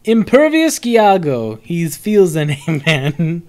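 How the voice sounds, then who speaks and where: Animated young man reviewing cards on a live stream. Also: a little high, takes it slowly. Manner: animated, swearing, laughing, answers chat. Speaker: streamer reviewing a card set. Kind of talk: casual live-stream commentary.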